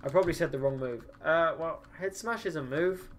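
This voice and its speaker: A man's voice: on the high side, fairly quick. Tired man chatting on a game stream. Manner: chatty, swears, answers chat, many ums and restarts. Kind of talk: casual gaming livestream chatter.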